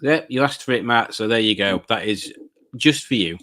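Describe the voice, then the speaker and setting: A man's voice: medium pitch, moderate pace, fairly bright tone. A man hosting a casual livestream, rambling and hesitant with many fillers and goofy jokes while greeting the chat. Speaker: livestream host.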